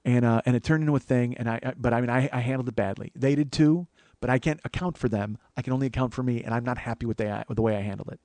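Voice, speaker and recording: A man's voice: mid-range voice, rapid-fire, darkish tone, no echo. A man hosting a comedy podcast, telling a long rambling story with plenty of swearing and restarts. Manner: profane, rambling, self-interrupting. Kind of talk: casual storytelling monologue.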